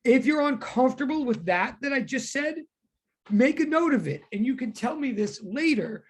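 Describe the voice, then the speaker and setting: A woman teaching a physics class online, talking in quick self-correcting bursts. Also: high-pitched, animated, darkish tone, slightly rough.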